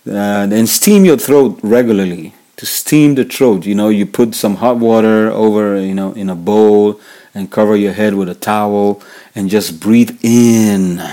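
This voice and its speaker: Nigerian male podcast host, low mellow delivery, repeats key points, casual advice. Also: unhurried. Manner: repetitive, restates key points, frequent fillers. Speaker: worship leader podcast host. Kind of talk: casual instructional talk.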